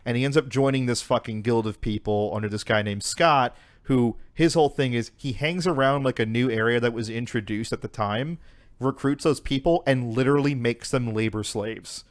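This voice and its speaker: A man's voice: medium pitch, normal speed. A young man co-hosting a podcast, retelling a story in casual chat with lots of swearing and fillers. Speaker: podcast co-host.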